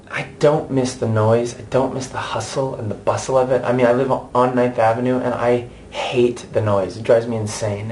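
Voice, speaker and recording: An American man in his thirties talks freely in an interview, animated and chatty, often restarting his sentences. His voice sits at a medium pitch. A faint hiss of background noise runs under the recording. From United States. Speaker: interviewee, stage actor. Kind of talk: candid conversational interview.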